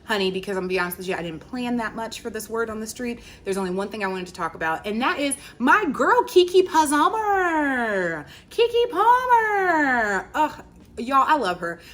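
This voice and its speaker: A woman in her thirties from Virginia, hosting a podcast in animated, casual, chatty storytelling. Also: mid-range voice, fast, hardly any pauses. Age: 30s. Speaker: podcast host. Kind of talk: casual chat.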